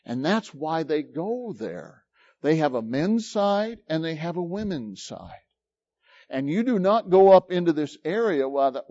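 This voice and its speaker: A man's voice: fairly high pitch, a little mellow, no echo, highs cut off. A man preaching a sermon, retelling a scripture passage with dramatic storytelling and shifting emphasis.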